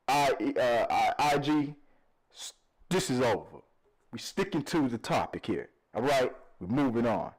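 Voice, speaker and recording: Male vlog host, mid pitch, very lively swings, jokey and stammering. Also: rough recording. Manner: animated, laughing, jokey, self-deprecating; stammers and repeats words. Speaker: channel host reading viewer comments. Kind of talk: casual comment-reading vlog.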